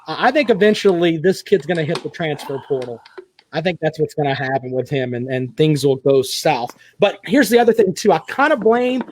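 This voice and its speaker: A man's voice: a little high, animated, brisk, slight background noise. A man hosting a sports talk show, giving opinionated commentary at length. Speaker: podcast host.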